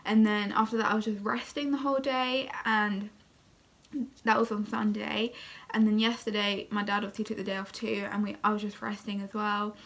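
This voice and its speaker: A woman's voice: medium pitch, little pitch movement, moderate pace, fairly bright tone. A young woman telling a casual story-time vlog, chatty and full of fillers, tired and still recovering. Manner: chatty, many fillers like "like" and "oh my God". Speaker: vlogger.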